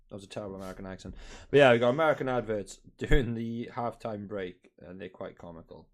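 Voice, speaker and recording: A man's voice: on the low side, a little fast. A man casually chatting on a live football watch-along stream from home, reading out scores, swearing now and then and teasing his viewers.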